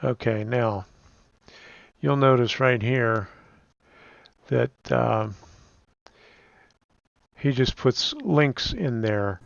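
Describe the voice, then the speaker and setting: A man with a Pittsburgh accent walks through a screen recording very slowly, his voice gravelly with vocal fry. The track sounds dull and lo-fi, with no room echo at all. He pauses on "um" as he goes. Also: mid-range voice. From Pittsburgh, USA. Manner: slow, halting, with "um" fillers. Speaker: YouTuber giving channel tips. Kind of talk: casual screen-recording walkthrough.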